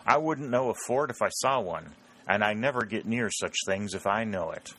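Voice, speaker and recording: A cool, drawling rural farmer who gives nothing away , as a man puts him on. The voice sits deep and unhurried in this storybook reading. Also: expressive, sharp tone, a little hiss or hum, rough recording.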